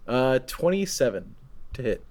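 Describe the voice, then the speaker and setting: A man's voice: medium pitch, very animated, a little slow, darkish tone, a little hiss or hum. A man taking part as a player in a tabletop game, stating his rolls in a matter-of-fact way. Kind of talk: casual chat at a gaming table.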